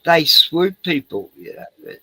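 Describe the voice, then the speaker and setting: A man's voice: a little high, wildly swooping pitch, unhurried, creaky, pushed and bright, slightly rough, no room sound, poor audio. A man in a rambling casual chat, swearing freely, laughing and trailing off mid-sentence. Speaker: host reacting to a video.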